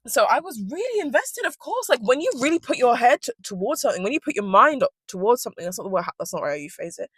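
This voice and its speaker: A woman's voice: fairly high pitch, sing-song, fast talker, hardly any pauses, a bit bright, slightly rough, no echo. A young woman, rambling casually through a storytime in her car and swearing freely. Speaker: vlogger.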